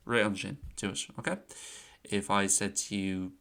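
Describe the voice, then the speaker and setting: A man's voice: on the low side, steady tone, creaky, pushed and bright. Chatty man teaching a lesson. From Ireland. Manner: chatty, explains with examples and repeats phrases slowly. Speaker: Irish language teacher. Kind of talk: casual online lesson.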